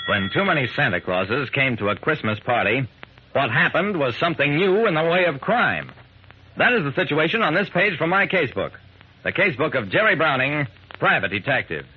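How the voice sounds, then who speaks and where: A man's voice: medium pitch, close to an everyday voice. An actor playing a wry private detective who narrates his own case, in 1940s radio acting style. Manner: dry, amused first-person narration. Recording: tinny old radio broadcast with hiss.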